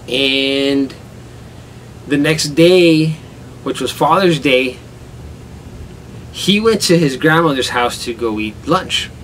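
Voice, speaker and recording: A man's voice: mid-range voice, fairly bright tone, distant mic, a little hiss or hum, low-quality recording. A man telling a rambling story at home in a casual vlog, with rain falling outside. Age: adult father with a son. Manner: rambling, laughs hard at his own story. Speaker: vlogger.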